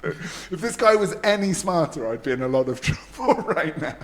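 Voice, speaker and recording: A man's voice: on the high side, normal speed. A man co-hosting a casual podcast chat, telling a story with lots of laughs and acted-out quotes. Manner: animated storyteller, laughs often, acts out quotes. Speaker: podcast co-host.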